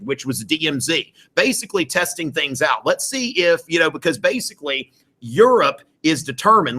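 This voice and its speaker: A man's voice: medium pitch, pushed and bright. A male history teacher giving a live exam review to students in a classroom, rambling with many fillers and jokey asides.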